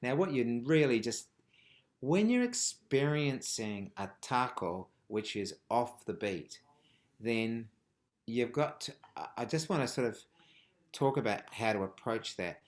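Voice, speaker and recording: A man teaching a live online rhythm workshop, chanting rhythmic words and dropping from loud calls to whispers. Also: medium pitch, expressive, measured pace. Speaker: music teacher. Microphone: video call.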